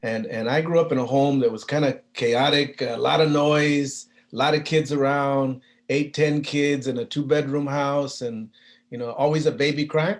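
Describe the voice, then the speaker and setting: A man at mid pitch gives a keynote talk as a relaxed, conversational storyteller. He is humble and hesitant, trailing into fillers and restarting his phrases before the point lands. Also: fairly quick. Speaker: keynote speaker.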